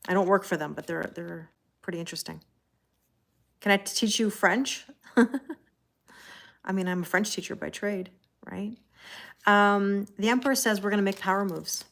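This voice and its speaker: Her voice is fairly low, creaky, and fairly bright in tone. A chatty Canadian woman with a Canadian accent, she does a laid-back tarot reading on a live stream, frequently laughing and replying to viewers' comments.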